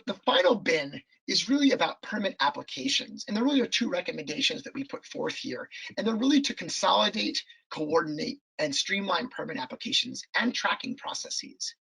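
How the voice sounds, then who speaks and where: Guy on a video call webinar, bright raspy voice going hoarse, lots of ums and restarts. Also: sits high, rough recording. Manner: hesitant, many ums and restarts. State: losing his voice. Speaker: webinar presenter. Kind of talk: presenting a policy report.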